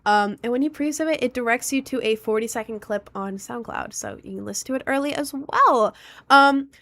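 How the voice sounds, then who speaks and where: A woman streamer talks casually to her live-stream chat, rambling, restarting sentences and leaning on fillers. Her voice sits on the high side. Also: a little fast, fairly bright tone.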